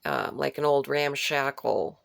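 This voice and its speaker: Her voice is a gravelly, rumbling low, and she takes her time. Recorded without any room sound, she tells a dream unscripted, wandering, restarting, groping for words and repeating phrases to stress them.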